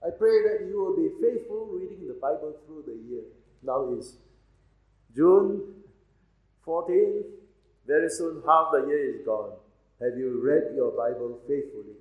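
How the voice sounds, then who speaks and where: A man's voice: fairly high pitch, a little slow, roomy sound, phone-quality sound. A man pastor preaching a sermon in a church, reading scripture aloud and urging his congregation with emphatic delivery.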